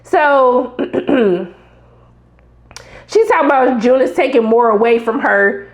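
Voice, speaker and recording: A young woman with a high, bright-sounding voice recaps a TV episode in a loose, animated way. She is sassy and talks back to the characters as she goes. The room behind her voice is echoey. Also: takes it slowly. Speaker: TV recap reviewer.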